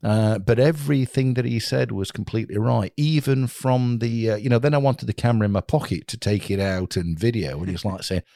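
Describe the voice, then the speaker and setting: A man's voice: lowish voice, fairly quick, gravelly, hardly any pauses, dark tone, no room sound, studio quality. A man hosting a casual chat, explaining with statistics and plenty of fillers.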